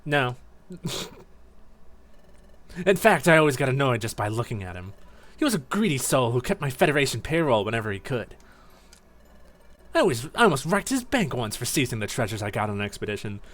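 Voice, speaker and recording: A man voicing a kind female psychic healer creature from a game, gentle and chatty. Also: medium pitch, sing-song, brisk, pauses often. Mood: annoyed. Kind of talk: voicing game dialogue on stream.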